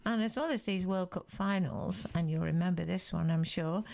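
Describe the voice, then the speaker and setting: A woman's voice: lowish voice, moderate pace, vocal fry, a little mellow. A woman, hosting a nostalgic chat and reading out facts conversationally. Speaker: host.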